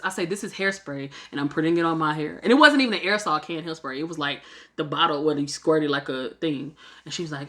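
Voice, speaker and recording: Young woman vlogger, low pitch, bright edge, animated delivery, salty casual storytelling. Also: fast talker. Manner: animated, swears freely, acts out quotes. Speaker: vlogger telling a travel story.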